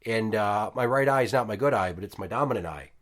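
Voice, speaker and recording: A podcast host in his thirties tells a story at home, swearing a lot and animatedly acting out quotes. His voice is on the low side and he talks quickly, in a casual storytelling style.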